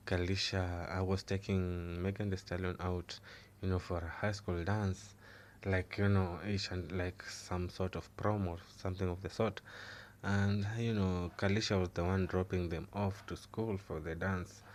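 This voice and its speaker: A man's voice: low voice, a little hiss or hum. A man hosting a celebrity gossip news channel, leaning heavily on filler phrases as he recaps. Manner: leans heavily on "you know" fillers. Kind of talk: news commentary.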